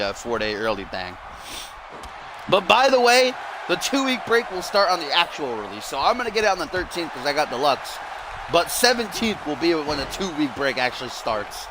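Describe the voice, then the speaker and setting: Excitable man calling wrestling play-by-play. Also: fairly high pitch, moderate pace. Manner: excitable, often rising to shouts on big moves. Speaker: streamer and wrestling game commentator. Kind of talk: live-stream play-by-play commentary. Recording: clear background noise.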